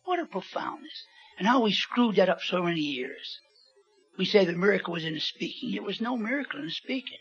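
Preacher guy, husky voice, preaching hard then going soft, muffled old recording w faint music. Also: high-pitched, sing-song, a little fast. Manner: emphatic, repetitive, swings from loud to soft. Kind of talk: sermon.

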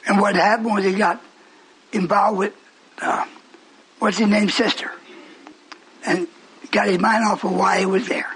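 A man preaching a fiery sermon, speaking emphatically and breaking into shouts. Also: high-pitched, flat delivery, a little slow, long pauses, slight background noise, low-quality recording.

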